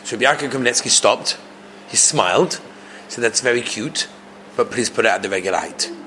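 A man's voice: medium pitch, animated, fairly quick, pushed and bright, a little hiss or hum. A man giving a storytelling Torah class, acting out the voices of the people in his stories and asking his listeners frequent rhetorical questions. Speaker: rabbi teaching a class.

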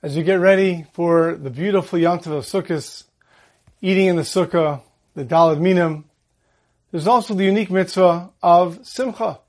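A man giving a holiday Torah talk, telling a story in a calm way and slowing down on the Hebrew verses. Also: high-pitched.

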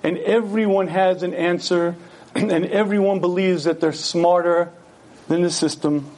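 A man's voice: sits high, steady tone, measured pace, a little mellow. A man giving an earnest Torah lecture, telling stories and asking his listeners rhetorical questions.

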